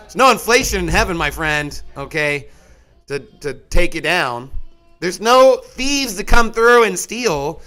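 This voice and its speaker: A middle-aged man delivering a sermon in a folksy, conversational way. His voice sits high and bright, and he keeps it animated, slipping in mocking asides as he goes. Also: measured pace, faint music behind. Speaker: preacher.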